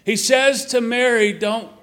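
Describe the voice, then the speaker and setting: Middle-aged guy preaching easter sermon, kinda high voice, slow repeated lines that fade off quiet. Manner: slow, emphatic repetition with dropping, quiet endings.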